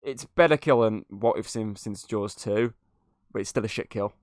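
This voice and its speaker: A man's voice: lowish voice, moderate pace, no room sound, clean studio sound. A man hosting a podcast, reviewing a movie in casual chat, swearing freely and laughing at scenes. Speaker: podcast host.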